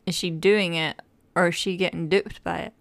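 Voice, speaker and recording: A woman's voice: fairly low pitch, fairly even intonation, normal speed, gravelly, dry recording, studio quality. A woman co-hosting a casual review chat, eager and opinionated. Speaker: podcast co-host.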